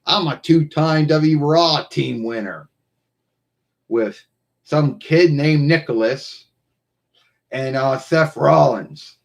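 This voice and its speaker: A man's voice: a little high, slow pace, gravelly, pauses often. A man hosting his own live stream, talking casually and rambling, often circling back to repeat himself, into what sounds like a computer mic.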